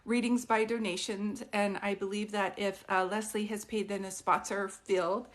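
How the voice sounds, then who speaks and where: A woman's voice: mid-range voice, little pitch movement, normal speed. A woman hosting a casual livestream at home as a psychic medium, chatting and reading viewer comments aloud to greet people by name. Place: at home with her dog. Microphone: phone livestream.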